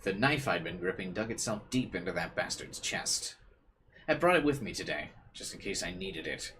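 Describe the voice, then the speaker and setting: A man's voice: low-pitched, expressive, normal speed, pushed and bright, slight background noise. A young man streaming a visual novel, reading its text aloud with casual, joking asides. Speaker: let's play streamer.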